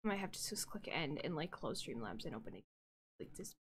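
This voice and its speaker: A woman livestreamer chatting casually and directly to her viewers, flustered and talking things through out loud. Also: low-pitched, big pitch swings, a little fast, breathy edge. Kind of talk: casual live-stream chat.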